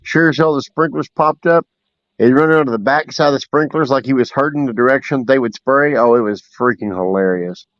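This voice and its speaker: A man's voice: mid-range voice, brisk, dry recording. Laid-back man telling fishing stories. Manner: laid-back storytelling with fillers. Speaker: fishing livestream host. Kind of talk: casual livestream chat. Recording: dull dry audio.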